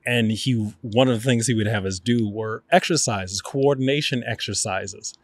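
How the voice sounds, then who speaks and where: Lively New man telling stories. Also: medium pitch, normal speed, no echo. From New York. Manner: lively, acts out quotes. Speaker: guest, actor. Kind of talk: animated storytelling.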